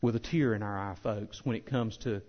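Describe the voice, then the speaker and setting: A pastor preaching a sermon with impassioned swells that drop to soft, earnest appeals. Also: male voice, fairly low pitch, brisk, lo-fi sound. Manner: impassioned preaching, rising loud then softening.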